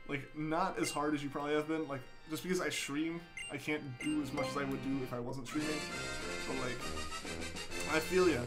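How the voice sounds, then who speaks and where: A man's voice: a little high, fairly even intonation, a little fast. A young man streaming a game live, chatting casually and reading out viewer messages in an easygoing way with lots of fillers. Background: game music playing.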